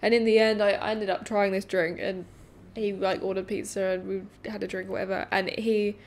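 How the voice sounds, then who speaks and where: A woman with a mid-range voice co-hosts a relaxed podcast. She speaks candidly, laughs often, and lets her sentences trail off softly. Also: mid-range voice, a little fast, slight background noise. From England. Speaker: podcast co-host. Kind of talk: casual chat.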